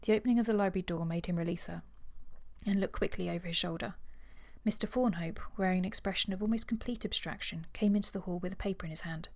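Expressive woman reading a novel aloud. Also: fairly low pitch, quick pace. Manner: expressive reader, acts out dialogue, laughs easily. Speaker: podcast co-host. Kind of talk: reading a novel aloud, then casual chat.

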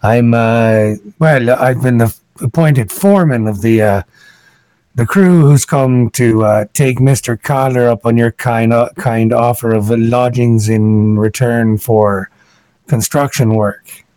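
A man doing a halting, courteous halfling mason. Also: medium pitch, steady tone, mellow, no echo, lightly acted. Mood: earnest. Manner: stammering, deferential, folksy. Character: polite hesitant male halfling mason foreman.

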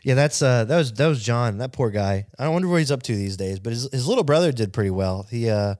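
A man's voice: mid-range voice, lively intonation, quick pace, a little mellow, dry recording, clean studio sound. A man co-hosting a podcast, telling rambling stories in casual chat and swearing now and then. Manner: rambling storyteller, swears, slips into silly voices. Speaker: podcast co-host.

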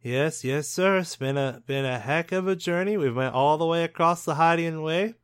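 A man's voice: fairly high pitch, moderate pace, clear, resonant tone, dry recording, studio quality, lightly acted. A man doing a genial touring band leader. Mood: cheerful. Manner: genial, upbeat, chatty. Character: cheerful touring alien band leader, male.

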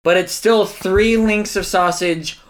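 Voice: medium pitch, fairly even intonation, slow pace. A podcast co-host who reacts to the reading with incredulous, profane comedic rants. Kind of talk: comic podcast banter.

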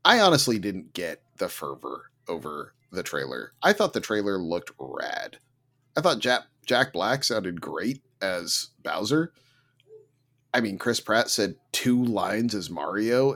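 A man co-hosting a casual gaming podcast, talking with big excited swings in his voice. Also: unhurried. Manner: animated, swings pitch sharply when excited. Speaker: podcast co-host. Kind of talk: casual chat.

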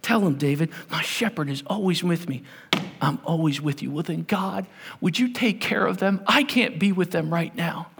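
High-voiced preaching man, hall reverb. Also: moderate pace, gravelly, a little hiss or hum. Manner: storytelling, swinging from loud to hushed. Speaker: pastor. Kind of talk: sermon.

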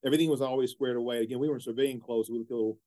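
A man's voice: medium pitch, steady tone, rapid-fire, dark tone. A man being interviewed as a guest who gives earnest, discursive answers full of fillers and repeated words. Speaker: guest, university executive.

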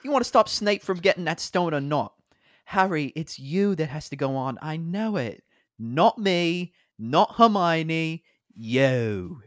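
A man's voice: fairly high pitch, animated, slow pace, no echo, studio quality, pitched above the performer's own voice. A man playing a loyal young wizard friend, put-on British accent, raised and pressing. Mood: urgent.

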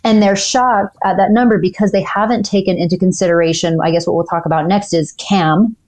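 A woman lawyer on a podcast, explaining lease terms in a clear, methodical way with the odd "um". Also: medium pitch, fairly even intonation, fairly quick, a little mellow. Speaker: dental practice lawyer, guest.

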